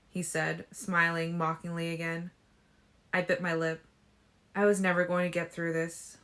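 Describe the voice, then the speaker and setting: A woman narrating a novel in the first person for a fan-made audiobook, steady and subdued. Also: lowish voice, normal speed. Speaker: audiobook reader.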